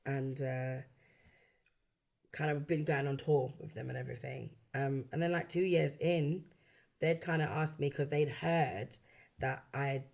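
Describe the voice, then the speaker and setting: Speaking slowly in a very deep, creaky voice, a backing singer and songwriter from London, England, shares tales from her career. She's in her early forties, has a London English accent, and keeps the interview casual, laughing a lot and performing the voices of people she quotes.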